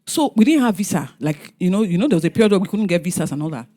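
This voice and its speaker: A woman's voice: fairly low pitch, rapid-fire. A middle-aged woman with a Nigerian accent, telling family stories on a panel and acting out what her relatives said. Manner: animated, acts out family members' lines. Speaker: guest speaker. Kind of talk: storytelling on a panel.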